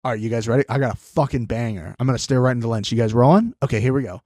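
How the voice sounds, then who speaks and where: A man's voice: mid-range voice, racing, few pauses, mellow, no echo, studio quality. Sarcastic male comedian co-host. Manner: sarcastic, jokey, mock-outraged. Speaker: podcast co-host. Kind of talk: casual comedic chat.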